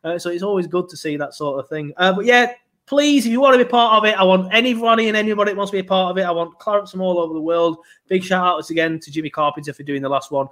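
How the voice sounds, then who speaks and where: A rambling podcast host, chatting casually about his club and swearing freely. His voice sits a touch high for a man, and he laughs easily between thoughts. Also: fast talker, fairly bright tone. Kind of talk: casual chat.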